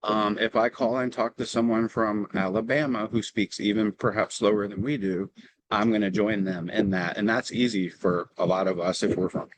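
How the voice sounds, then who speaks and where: A man with a Southern drawl talks through his approach on a video call. His voice sits fairly low, and his manner is relaxed and explanatory, with filler ums between thoughts. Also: normal speed, slight background noise, rough recording. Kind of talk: casual meeting talk. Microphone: video call microphone.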